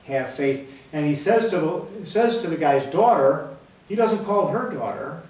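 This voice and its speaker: This preacher has a fairly high, somewhat mellow voice that is expressive and moves at normal speed. He keeps his sermon conversational, constantly tossing in "right?", and the mic is far away in a very echoey room.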